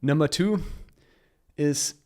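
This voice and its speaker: A man's voice: a little high, takes it slowly, mellow. A man chatting as a guest on a casual podcast, upbeat and coaching in tone, laughing often as he talks.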